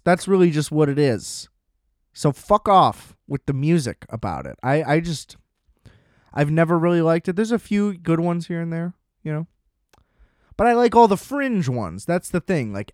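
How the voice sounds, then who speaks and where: A young man hosts a solo podcast and rants in a loose, profane, sarcastic way. His voice sits a little high for a man. The sound is dry and close, with no room echo. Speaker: podcast host. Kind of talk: casual solo rant.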